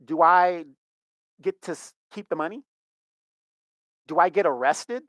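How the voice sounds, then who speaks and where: A man's voice: a little high, a little slow, a bit bright, no room sound, lo-fi sound. A middle-aged man giving emphatic, indignant commentary as a vlogger, often repeating himself. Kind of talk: ranting commentary.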